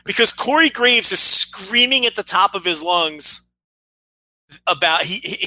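A man co-hosting a casual podcast with a very bright, ringing voice that sits a bit high. He tells his stories with wry exasperation. The sound is close and dry. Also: moderate pace, dry recording, poor audio. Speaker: podcast co-host.

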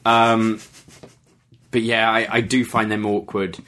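A man's voice: lowish voice, monotone, slow pace, fairly bright tone. Opinionated man analyzing on a podcast. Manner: opinionated, analytical, thinking aloud. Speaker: podcast co-host. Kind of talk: casual wrestling chat.

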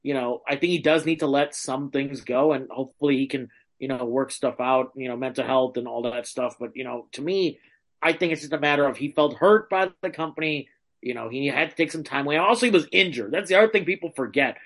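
A man's voice: medium pitch, fairly quick, fairly bright tone. A man co-hosting a podcast, chatting casually and rambling, with lots of fillers and frequent laughs. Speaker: podcast co-host. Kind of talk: casual chat.

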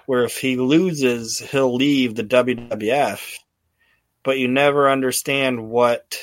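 A man's voice: mid-range voice, a bit bright, no room sound. A man hosting a podcast, recapping in a rambling, casual way full of restarts. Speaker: podcast host.

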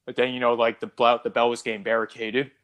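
A man's voice: mid-range voice, level tone, fast, fairly bright tone. A man co-hosting a casual podcast about a film, talking it through and acting out character lines in a raised voice. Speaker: podcast co-host. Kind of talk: casual movie discussion.

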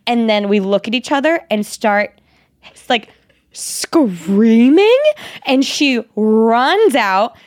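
A young woman co-hosting a podcast, telling a story in lively casual chat and acting out quotes with squeals. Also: fairly high pitch, takes it slowly, no room sound, studio quality. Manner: animated, acts out quotes in a squealing voice. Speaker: podcast co-host.

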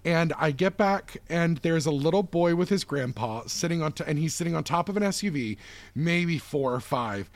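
Chatty animated man in his thirties. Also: a little high, moderate pace, dry recording. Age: 30s. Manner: chatty, animated storyteller who acts out voices. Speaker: podcast host. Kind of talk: casual chat.

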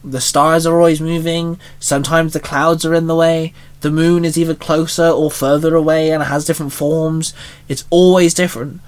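A blunt young princess from another realm explains things calmly and matter-of-factly, read by a man in his own slightly high voice. She sounds curt and settled, a storybook royal. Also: normal speed, close to an everyday voice. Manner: calm, matter-of-fact, curt. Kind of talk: reading a fan story aloud.

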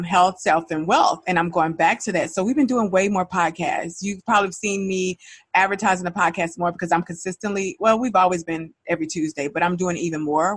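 A woman with a fairly low voice, recorded dry, hosts her own podcast. Chatty and animated, she talks casually and energetically straight to her listeners in solo podcast style.

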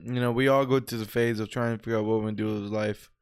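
Smooth-voiced young podcast guy. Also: lowish voice. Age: young adult. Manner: relaxed, profane, fast when explaining. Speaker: podcast co-host. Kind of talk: casual chat.

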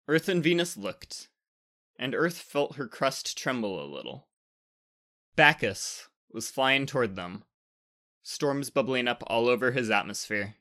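A man reading a storybook tale aloud with lively, expressive narration. His voice is bright and forward, at a middle pitch for a man. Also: unhurried.

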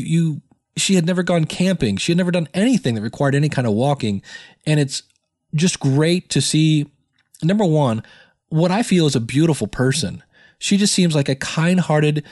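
A man's voice: a little high, darkish tone, dry recording, studio quality. A man hosting his own podcast in a rambling, chatty way, with many fillers. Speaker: podcast host. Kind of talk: casual solo podcast chat.

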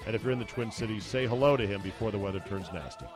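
A man's voice: lowish voice, very fast, over music. A male podcast host, chatting casually and easily amused, with frequent fillers. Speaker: sports radio podcast host.

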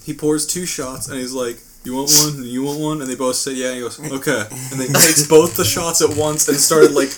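A man's voice: a little high, brisk, hardly any pauses, over a noisy crowd. A man telling a story with lots of energy and swearing in a casual podcast chat at home with friends. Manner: animated storyteller, swears freely. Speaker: podcast co-host.

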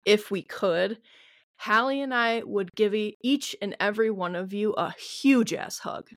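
Her medium-pitched voice comes through unhurried in a dry, studio-quality recording. She's co-hosting a podcast in a casual chat, hesitating often, using many fillers, and swearing mildly now and then.

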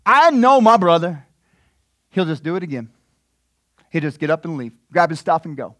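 A preacher doing an indignant, resentful older brother. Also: male voice, sing-song, normal speed, fairly bright tone, dry recording, clean studio sound. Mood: bitter. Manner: exasperated, higher voice.

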